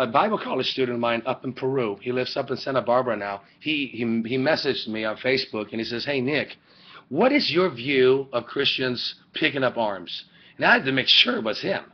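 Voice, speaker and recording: Male teacher, lecturing casually with jokes and asides to students; average pitch, muffled lo-fi webcam audio. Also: animated, brisk. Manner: rambling, joking, rhetorical questions. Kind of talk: classroom lecture.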